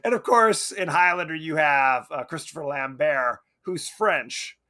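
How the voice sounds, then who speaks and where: A man's voice: a little high, unhurried. A man co-hosting a podcast, chatting casually and jokily about a movie. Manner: animated, jokey, slips into quoted voices. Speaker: podcast co-host.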